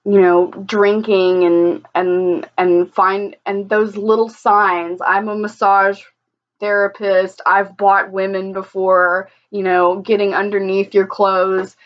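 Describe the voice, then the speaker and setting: A woman's voice: mid-range voice, little pitch movement, slow. A woman talks straight to camera, heated and blunt, swearing freely and circling back on her words. Her voice sits in a middle register, and the recording sounds a little dull and lo-fi. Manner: blunt, heated and profane, with frequent restarts. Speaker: vlogger reacting to a video. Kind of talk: casual reaction commentary.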